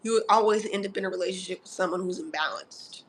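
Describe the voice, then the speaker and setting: A woman giving a live tarot reading in a sassy, animated way, calling listeners honey and darling and laughing often. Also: lowish voice, quick pace, slight background noise. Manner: laughs often between remarks. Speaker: tarot reader.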